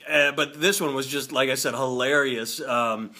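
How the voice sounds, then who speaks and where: A man's voice: medium pitch, fairly even intonation, normal speed, sharp tone. A man co-hosting a casual comedy podcast, telling a rambling story with frequent restarts and laughter.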